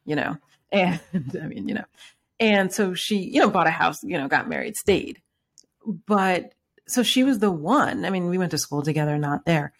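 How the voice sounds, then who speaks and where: A woman's voice: on the low side, animated, normal speed. A woman from New York City hosting an interview, talking in a rambling casual way with many restarts. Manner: rambling, many restarts and fillers, laughs often. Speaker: podcast host.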